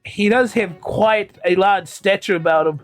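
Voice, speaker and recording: A man's voice: high-pitched, unhurried. A man narrating a tabletop game as game master, playful and laughing often. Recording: dull lo-fi sound with faint music behind.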